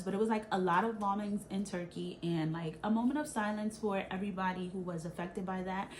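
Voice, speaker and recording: A woman's voice: mid-range voice, slight background noise. A woman in her thirties from Brooklyn, chatting animatedly through a storytime while doing her makeup and often adding "right?". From Brooklyn, New York. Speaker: vlogger.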